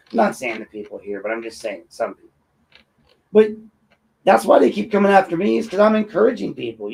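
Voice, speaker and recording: A man's voice: medium pitch, vocal fry, darkish tone, poor audio. Combative, sarcastic male commentary host. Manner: combative and sarcastic, talks straight at his critics. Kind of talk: opinionated commentary.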